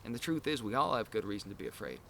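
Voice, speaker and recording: A man's voice: on the low side, expressive, rapid-fire, creaky, sharp tone, a little hiss or hum. A man hosting a casual podcast chat, talking in long, earnest, rambling explanations. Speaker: podcast host.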